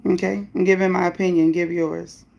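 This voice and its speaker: A woman's voice: lowish voice, level tone, fairly quick, vocal fry, a little mellow, dull audio, a little hiss or hum. A woman hosting a livestream, reading viewer comments and speaking bluntly about her opinions and chat rules. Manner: greets viewers by name, upbeat bursts. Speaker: livestream host.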